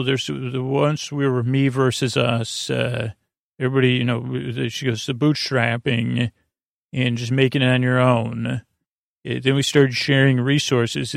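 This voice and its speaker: Flat, gravelly man rambling a bedtime recap. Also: dry recording, clean studio sound. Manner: meandering, low-key, halting. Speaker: podcast host.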